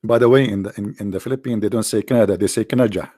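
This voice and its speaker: A man's voice: on the low side, very fast, mellow, no echo, studio quality. A man with an Arabic accent hosting his channel, giving sarcastic, mocking commentary with rambling asides. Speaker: channel host. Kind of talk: mocking religious commentary stream.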